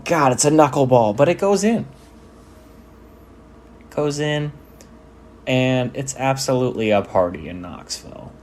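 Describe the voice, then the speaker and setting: Chill guy riffing over football clips, jokey, cusses a lot, mid pitch, faint noise behind. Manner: laid-back, joking, swears freely. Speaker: sports video commentator. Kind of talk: casual commentary over game footage.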